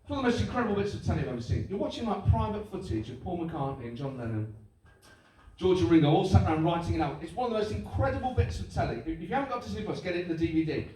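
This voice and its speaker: Animated stand-up comedian. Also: male voice, high-pitched, very fast. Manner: animated, mimics voices and accents for laughs. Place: live venue with audience. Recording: echoey live room, mic heard from a distance.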